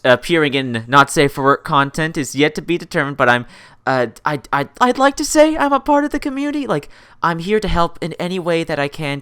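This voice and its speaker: A woman interviewer with a notably deep voice whose pitch moves around a lot. She is affectionate and playfully teasing, and calls her guest "dear". The sound is dry and close, with no room around it. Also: clean tone, no echo. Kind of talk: casual interview chat.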